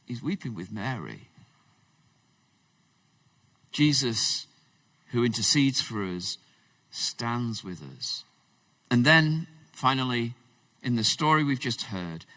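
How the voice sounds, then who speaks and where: A man preaching a conversational sermon, swinging between loud emphasis and hushed, low passages. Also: expressive, slow, pauses often, no room sound, recorded from a distance. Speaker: pastor. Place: church.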